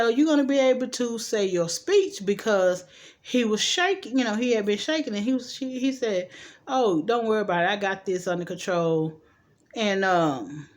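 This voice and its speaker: A woman recapping a TV episode in casual chat, sassy and playful, tossing in asides and acting out the characters' lines. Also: medium pitch. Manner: chatty and sassy, quick asides like "child" and "boo"; acts out the characters' lines in quick changes of voice. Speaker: TV recap host.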